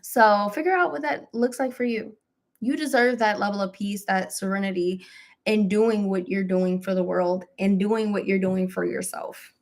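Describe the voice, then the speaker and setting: A woman speaks to her live-stream viewers in a relaxed, chatty way, giving gentle spiritual encouragement. Her voice sits in a middle pitch, and her phrasing is loose and colloquial. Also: moderate pace. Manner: warm, chatty, with laughs, mild self-deprecation and AAVE phrasing. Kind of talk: casual spiritual pep talk on a live stream.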